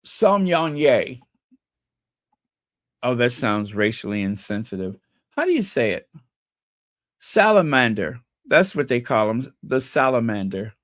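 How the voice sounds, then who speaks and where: A man's voice: on the low side, very animated, moderate pace, fairly bright tone, no echo, clean studio sound. A man hosting a live stream, chatting in a rambling, playful way and repeating words over and over as he tries out how to say them. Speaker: channel host.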